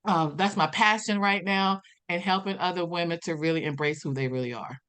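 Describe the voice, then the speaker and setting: A woman guest on an interview podcast, telling her story in a lively way and acting out the dialogue she quotes. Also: a little fast, clear, resonant tone. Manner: animated, acts out quoted dialogue with big pitch jumps. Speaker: podcast guest, personal development coach.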